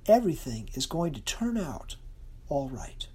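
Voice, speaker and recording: A preacher delivering a sermon in an earnest, expressive way, slowing and softening for emphasis. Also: mid-range voice, breathy edge.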